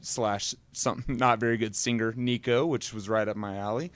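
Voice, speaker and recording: Man chatting casually, smooth resonant voice, rambling with laughs. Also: mid-range voice, steady tone, moderate pace, no room sound. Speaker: musician guest. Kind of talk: casual chat.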